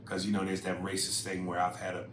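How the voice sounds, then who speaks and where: Profane, animated man in a roomy podcast room. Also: fast. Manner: profane, animated, swings loud and high when making a point. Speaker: podcast co-host reading listener emails. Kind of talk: casual podcast chat. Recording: roomy echo with faint noise.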